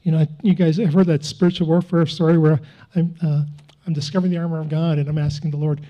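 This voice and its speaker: High-voiced pastor telling an earnest testimony. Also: male voice, level tone, fast, dark tone, muffled recording. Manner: earnest, confessional storytelling with self-mocking chuckles. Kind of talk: personal testimony in a sermon.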